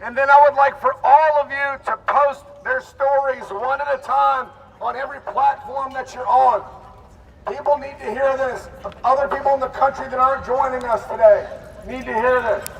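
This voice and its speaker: A man's voice: extremely high pitch, fairly even intonation, normal speed, vocal fry, a bit bright, a little hiss or hum. A man organizing a protest, speaking outdoors to a street crowd in an impassioned, profane, rallying way. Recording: roomy, distant street reverb.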